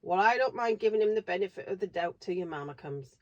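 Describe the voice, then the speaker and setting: A woman reading aloud, voicing a gruff, suspicious middle-aged station master in a storybook. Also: medium pitch, lively intonation, fast, highs cut off, natural voice. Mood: doubtful. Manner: blunt, doubtful.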